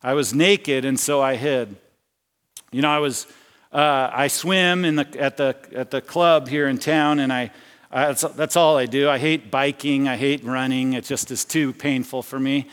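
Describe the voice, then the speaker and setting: A man's voice: medium pitch, fairly even intonation, normal speed, fairly bright tone, clean tone, in a large hall. A man preaching a sermon as pastor, talking conversationally and often restarting his phrases. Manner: conversational, with repeated restarts and personal anecdotes. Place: church sanctuary.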